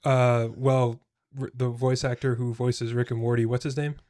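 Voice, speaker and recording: A young man co-hosting a podcast, relaxed and a bit unsure, often trailing off and softening his voice. His pitch sits in a middle range. The sound is dry and close. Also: normal speed, no echo. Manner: relaxed, hesitant, quiet. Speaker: podcast co-host. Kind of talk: casual chat.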